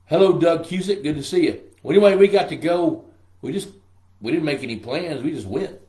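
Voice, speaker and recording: A man's voice: on the high side, a little fast, dark tone. Older male live-stream host, scratchy throat, folksy and joking, echoey room. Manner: folksy and joking, greets viewers by name. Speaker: pond management show host. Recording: roomy echo.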